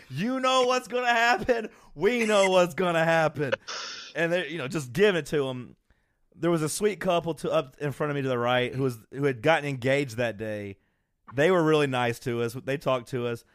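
A man with a fairly high voice tells a rowdy story in casual podcast chat. He acts out the quotes and laughs as he goes. His delivery is lively and loose. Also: fast, dry recording. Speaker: podcast co-host.

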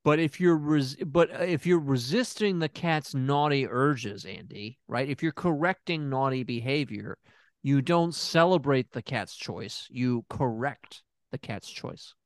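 A man improvising as a therapist in a comedy role-play, talking in a deadpan way. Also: measured pace, dry recording, clean studio sound. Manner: deadpan, drops to a low mumbling voice as a put-on persona.

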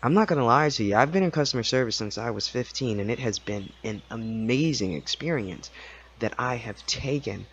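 An animated man tells a story in a casual podcast monologue. He acts out the people he quotes and laughs often. His pitch sits in the middle, and the recording sounds a little dull and lo-fi. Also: moderate pace, breathy edge. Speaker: podcast host.

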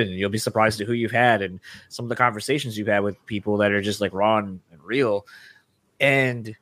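A man's voice: lowish voice, fairly even intonation, brisk, fairly bright tone, no echo. Candid rambling male podcast co-host. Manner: rambling, candid, swears casually. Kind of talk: casual chat.

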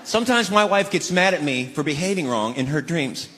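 A man's voice: on the high side, lively intonation, brisk, noisy background. A middle-aged man performing stand-up comedy, animatedly acting out both sides of marital arguments. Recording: live show with loud crowd laughter.

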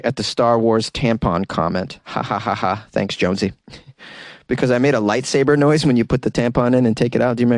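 A man's voice: on the low side, dry recording. A man hosting a podcast in a casual, comedic commentary style, sarcastic and mock-enthusiastic, chuckling as he talks. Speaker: podcast host.

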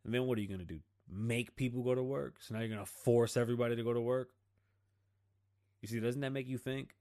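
A man's voice: mid-range voice, steady tone, fast talker, darkish tone. A man hosting his own show, delivering a blunt, profane, slang-filled political rant in a casual style. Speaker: podcast host.

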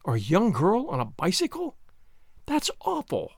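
A man's voice: huge pitch swings, normal speed, no room sound, clean studio sound, exaggerated voice. A man reading aloud and voicing a fussy, timid schoolmaster who speaks in a fretful, pleading way. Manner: fretful, pleading, higher pitch. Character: fussy, timid male schoolmaster, anxious and prim.

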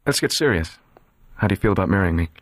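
A cold, controlled young man, played by a man in a dramatized audiobook, speaking low and evenly. His tone stays quiet, measured and detached. The recording is dry and close, with no room sound. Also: lively intonation, no room sound. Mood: cold, serious.

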